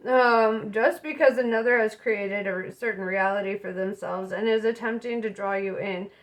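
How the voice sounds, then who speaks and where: A young woman giving a casual tarot reading, chatty and relaxed, with plenty of fillers and frequent laughter. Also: on the high side. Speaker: tarot reader.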